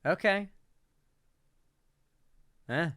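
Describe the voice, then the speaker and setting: A man's voice: fairly high pitch, extremely slow, sharp tone, slight background noise. A young man giving casual, profane, incredulous reaction commentary on a political clip.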